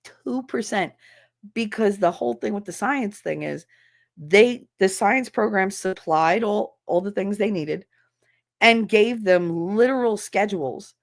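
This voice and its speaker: Woman streamer, thirties, casual rant; blunt, sarcastic, salty language, mid-pitched voice. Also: unhurried, creaky. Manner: blunt, sarcastic, swears freely, acts out quoted dialogue. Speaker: streamer chatting while sorting files. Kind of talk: casual ranting chat.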